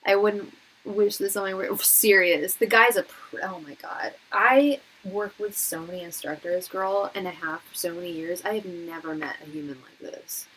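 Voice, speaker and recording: A woman in her late thirties giving advice on a live tarot stream, telling stories in an animated, emphatic way with lots of "like" and restarts. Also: lowish voice, moderate pace, a little hiss or hum, rough recording. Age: late 30s. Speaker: tarot reader and psychic hosting a live reading.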